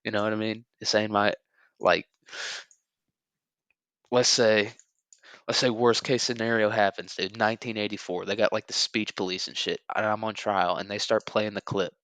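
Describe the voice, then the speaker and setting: A man's voice: on the low side, little pitch movement, normal speed, a bit bright, smooth, no room sound. A man in his twenties hosting a podcast, rambling through a crude, joking monologue full of fillers and chuckles, sometimes saying his R like a W. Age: 20s. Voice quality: sometimes says R like W. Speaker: podcast host.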